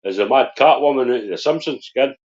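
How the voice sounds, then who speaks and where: A man's voice: medium pitch, fast talker, darkish tone. Swearing, laughing man on dull stream audio. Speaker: stream co-host. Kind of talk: casual live-stream chat.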